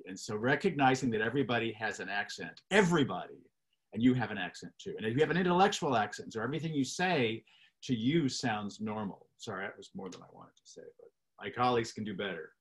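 A man speaking as a panelist in a webinar discussion, explaining in an animated way and often checking in with "right?". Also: medium pitch, fast. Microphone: video call.

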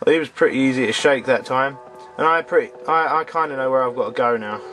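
A man's voice: medium pitch, fast, a bit bright, faint music behind. A man giving casual, sarcastic commentary while playing a video game. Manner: grumbling, sarcastic, talks to the game characters. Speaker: let's play commentator.

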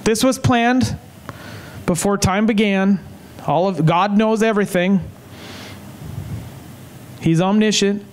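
Man, evangelist, high-pitched, fervent revival preaching, repeats phrases, deliberate emphasis. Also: a little hiss or hum, low-quality recording. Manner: fervent, repeats phrases for emphasis, slows down to drive points home. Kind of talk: revival sermon. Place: evening service in a tent.

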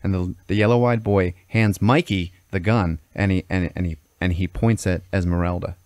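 A man with a very low voice tells a story on a podcast in a casual, profane way. He keeps stopping to check in with "okay?" and "all right?". The sound is dry and close. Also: fairly even intonation, moderate pace, darkish tone, no echo. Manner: swears constantly, checks in with "okay?". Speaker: podcast host telling a story. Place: podcast studio.

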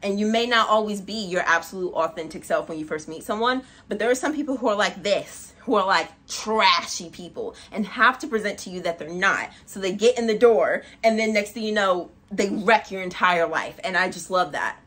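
A woman hosting a music reaction video, talking in a casual, chatty way full of "like" and quick laughs. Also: medium pitch. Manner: chatty, animated, frequent "like" and laughs. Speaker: music reaction channel host.

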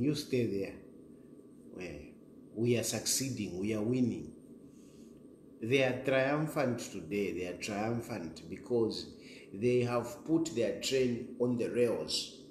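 Speaking directly to camera, a middle-aged political commentator from Zambia hosts a combative monologue that repeats itself and switches between Bemba and English. He has a fairly low, slightly mellow voice, captured with roomy echo and a faint background hiss.

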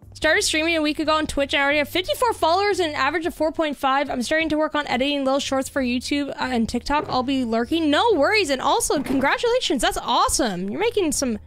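A young Canadian woman with a higher-pitched voice, chatting loosely and rambling as she streams a game. She fills her talk with "like" and little asides to viewers. Soft music plays faintly under her voice. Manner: chatty, rambling, lots of "like" fillers. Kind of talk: casual live-stream chat while gaming.

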